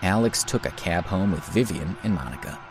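A man's voice: low-pitched, expressive, brisk, vocal fry, over music. A man narrating an audio drama in a dramatic storytelling manner.

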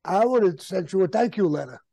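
A man's voice: sits high, animated, fairly quick, gravelly, warm tone, dry recording. A man hosting an interview, cutting in with teasing wisecracks. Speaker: interview host. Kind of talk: casual interview chat.

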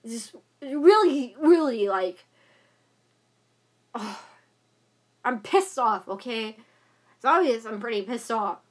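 Young woman vlogger, high voice, agitated rambling rant. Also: expressive, slow pace, long pauses. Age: young adult. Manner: agitated ranting, many fillers and repeats. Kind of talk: casual venting vlog.

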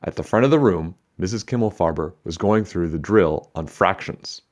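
A man reading a children's book aloud, narrating in a steady, even storytelling manner. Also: low voice, normal speed.

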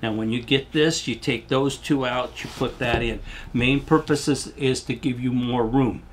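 A man's voice: medium pitch, fairly even intonation, normal speed, a little hiss or hum. An older man giving a rambling, folksy product demonstration as a shoe salesman, losing his voice and coughing now and then.

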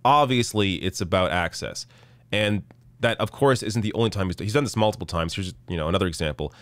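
Indignant low-voiced male stream host. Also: a little fast, a bit bright, dry recording. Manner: indignant, sarcastic, reads quotes aloud then reacts. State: losing his voice. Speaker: political commentary host. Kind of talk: live-streamed news commentary.

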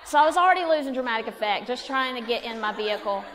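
Over a very noisy crowd, a woman with a high-leaning voice talks fast and animatedly. Her funny personal story for a women's church conference is folksy and self-mocking, and the church hall adds a long reverb.

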